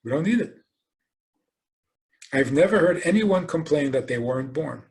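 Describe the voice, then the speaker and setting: A rabbi giving a lecture, telling stories animatedly and asking rhetorical questions. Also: male voice, on the high side, moderate pace, long pauses. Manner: animated storytelling, acts out quoted voices.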